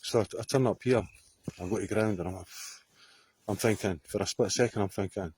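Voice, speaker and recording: A man's voice: on the low side, a little fast, a little mellow, slightly rough. A Scottish man telling a story to camera outdoors on a hillside, rambling, swearing freely and often laughing. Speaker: vlogger.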